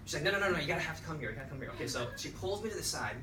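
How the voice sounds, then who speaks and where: A man telling a lively story to an audience at a lunch talk, often checking in with "okay". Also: on the high side, rapid-fire. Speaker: presenter. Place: lecture room. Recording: echoey room, far mic, noisy.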